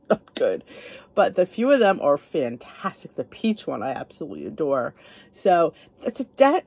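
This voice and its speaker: A woman's voice: medium pitch, darkish tone, no echo. A middle-aged woman vlogging in her home kitchen, chatting casually and rambling with frequent asides. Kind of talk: casual chat.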